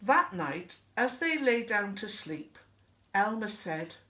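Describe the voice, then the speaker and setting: A woman teacher reading a children's picture book aloud at an unhurried pace. Her bright voice rises and falls expressively as she tells the story. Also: medium pitch, big pitch swings, echoey room, recorded from a distance.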